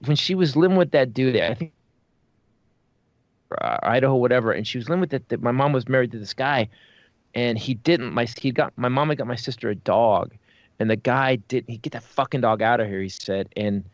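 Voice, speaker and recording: A man on a podcast, telling profane, animated stories in casual chat. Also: fairly low pitch, dry recording, lo-fi sound. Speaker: podcast host.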